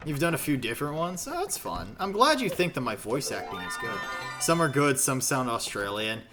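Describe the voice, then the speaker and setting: A man's voice: medium pitch, big pitch swings, normal speed, music in the background. A man streaming a video game who rambles casually, makes fun of himself and swears freely. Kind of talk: casual gaming stream commentary.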